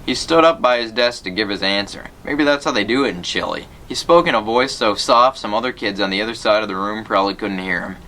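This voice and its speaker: A man's voice: lowish voice, brisk, hardly any pauses, pushed and bright. A man reading a children's novel aloud, telling the story plainly and voicing the characters lightly. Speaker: reader.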